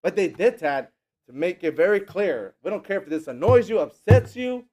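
A preacher gives a casual, energetic sermon in a fairly high voice at normal speed. He acts out the people in his stories with mocking, teasing voices and laughs often along the way.

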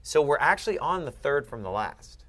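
A man's voice: mid-range voice, very animated, moderate pace, a bit bright. A man tutoring a student one-on-one, explaining step by step and often checking that he is followed. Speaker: Greek tutor. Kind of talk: one-on-one language lesson.

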